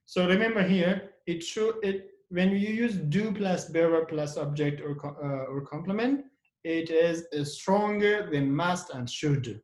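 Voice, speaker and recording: A man's voice: a little high, measured pace, darkish tone. A male teacher speaking in a slightly raised register. He runs the lesson by asking questions and answering them himself, and he repeats and stresses example sentences. The room around him rings with echo. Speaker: English teacher. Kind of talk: classroom grammar lesson. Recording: echoey room.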